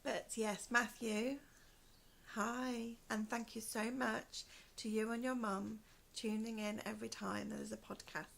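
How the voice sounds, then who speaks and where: Soft, gravelly woman with a hoarse voice. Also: on the high side, flat delivery, normal speed, hardly any pauses. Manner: soft-spoken, often trailing into a whisper. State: in pain, hoarse from asthma. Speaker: podcast host. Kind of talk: casual chat to camera. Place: one room at home, indoors.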